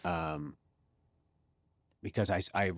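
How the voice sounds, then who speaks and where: A man guest in a casual podcast chat, telling stories with lively restarts and laughs, turning soft and low when reflective. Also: slow pace, vocal fry, no room sound, clean studio sound. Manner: animated storyteller, frequent restarts and laughs.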